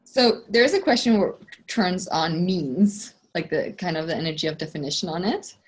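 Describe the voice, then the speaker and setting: Excitable woman with a husky voice. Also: on the low side, moderate pace. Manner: excitable, swears casually, laughs often. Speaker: co-host of an online class. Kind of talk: animated casual storytelling. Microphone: video call.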